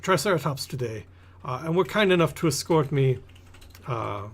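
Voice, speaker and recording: A man's voice: fairly high pitch, expressive, moderate pace. A man voicing a haughty male merchant prince in a tabletop game, smug and pompous.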